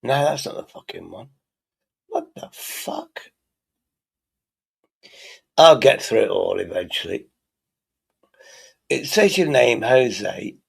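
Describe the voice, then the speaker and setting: A man's voice: mid-range voice, animated, a little slow, vocal fry, slightly rough. A man streaming live, chatting casually and thinking aloud while he works, swearing freely.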